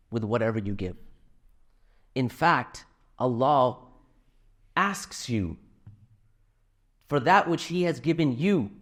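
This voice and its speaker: A middle-aged man addresses a live audience in a hall, with a mid-range voice. He speaks conversationally, mixing personal anecdotes and light laughs into a fundraising appeal. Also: medium pitch. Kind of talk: live religious talk and donation appeal.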